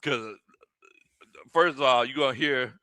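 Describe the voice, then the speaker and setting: Guy hosting a live game watch party, excitable, hollers a lot, bright sharp voice, dry sound. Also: medium pitch, measured pace, clean tone, no room sound. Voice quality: excitable, shouts and laughs often. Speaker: sports livestream host.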